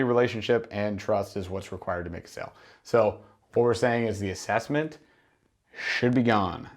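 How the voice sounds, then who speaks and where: A man's voice: lowish voice, darkish tone. A man coaching gym owners in a monologue, emphatic and full of rhetorical questions and acted-out exchanges. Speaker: business mentor for gym owners. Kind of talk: instructional monologue.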